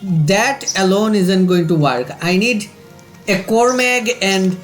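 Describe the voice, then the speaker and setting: A man hosting a let's play, calmly thinking aloud while he plays a strategy game. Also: sits high, slow pace, reverberant, faint music behind. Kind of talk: game commentary.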